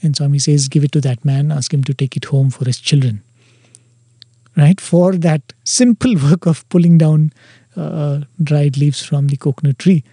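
A man's voice: a little high, moderate pace, mellow, breathy edge, no echo. A man earnestly telling a devotional story, quoting dialogue along the way. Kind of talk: devotional anecdote.

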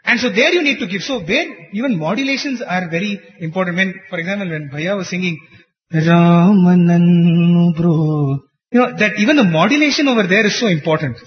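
A man's voice: sits high, animated, quick pace, hardly any pauses. A man giving an earnest, explanatory teaching talk to a group on devotional singing, chuckling over anecdotes. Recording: dull recording in a reverberant hall.

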